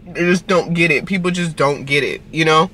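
A woman's voice: sits low, moderate pace, a bit bright, slight background noise. A young woman, chatting casually to camera for her vlog, telling stories in an earnest, rambling way and acting out both sides of conversations. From Norfolk, Virginia. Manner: earnest, rambling storytelling with quoted back-and-forth. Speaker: vlogger.

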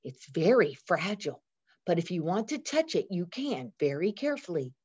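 A woman voicing a shy, nervous young schoolboy who talks softly and hesitantly in a storybook reading. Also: on the low side, big pitch swings, normal speed, slightly rough. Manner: hesitant, soft-spoken. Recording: dull lo-fi recording.

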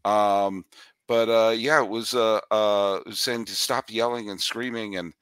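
A man hosting a casual sports podcast, excitable and rambling, often raising his voice out of enthusiasm. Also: lowish voice, measured pace, clear, resonant tone, dry recording. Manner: rambling with many fillers and restarts. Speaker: podcast host.

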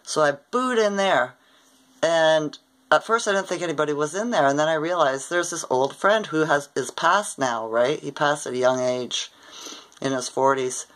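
A woman's voice: low-pitched, normal speed, poor audio. An older woman from Ontario, Canada, casually recounting a dream in a rambling way and often tagging her sentences with "right?". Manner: rambling, often adds "right?" tag questions. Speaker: vlogger.

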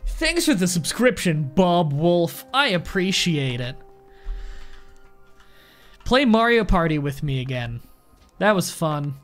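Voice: medium pitch, sing-song, slow, pauses often, faint music behind. A streamer chatting casually while playing a game, thanking viewers and swearing freely. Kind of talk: casual live-stream chat.

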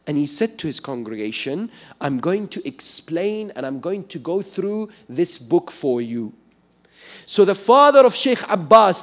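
A man giving a sermon as a sheikh, telling stories with sudden loud dramatic peaks. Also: a little high. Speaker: sheikh preacher. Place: mosque lecture hall.

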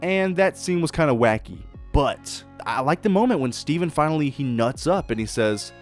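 A man hosting his own podcast, giving a blunt, profane, excitable solo review and acting out quoted lines. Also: fairly high pitch, moderate pace, hardly any pauses, soft background music. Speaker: podcast host reviewing shows. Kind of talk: casual solo review monologue.

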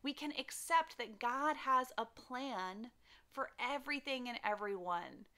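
A woman's voice: fairly high pitch, expressive, unhurried, bright, forceful tone. A young woman teaching a children's church lesson, telling the story animatedly and acting out the characters.

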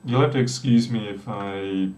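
A man's voice: on the low side, normal speed, darkish tone. A middle-aged man with an Australian accent, chatting casually while live coding, rambling with joking asides. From South Australia. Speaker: programmer live-streaming. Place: small room with a door. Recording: distant mic in echoey room.

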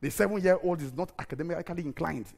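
A middle-aged man, preaching a sermon full of stories, animated and laughing, sometimes breaking into shouted prayer. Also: fairly high pitch, fast, gravelly. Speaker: pastor. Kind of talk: storytelling sermon.

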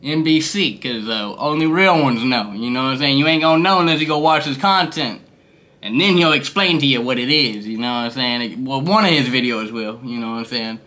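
A young man vlogging at home, high and rambling in loose slang, laughing often. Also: fairly quick, sharp tone. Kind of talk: casual stoned review vlog. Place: his room.

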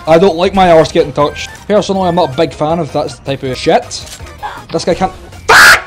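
A young man doing loud, sweary gameplay commentary as a gaming YouTuber, shouting catchphrases. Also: on the high side, brisk, faint music behind.

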